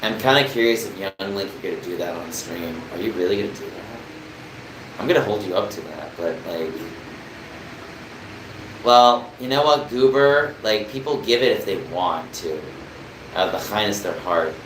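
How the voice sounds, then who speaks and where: A man's voice: fairly low pitch, animated, moderate pace, reverberant, noisy background. A young man from New Jersey chatting casually on a live stream, rambling and answering viewers' comments. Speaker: livestreamer.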